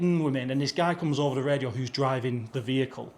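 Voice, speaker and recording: A man's voice: mid-range voice, quick pace. Chatty British man telling a travel story. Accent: British English. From Britain. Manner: chatty, animated anecdote telling with quoted dialogue. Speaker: travel vlogger. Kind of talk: casual storytelling to camera.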